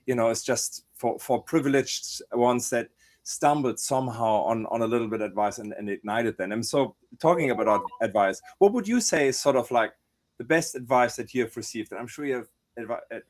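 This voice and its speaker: A man's voice: mid-range voice, a little fast. Hesitant podcast host man. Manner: warm-hearted, hesitant, many fillers and repeats. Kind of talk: casual interview chat.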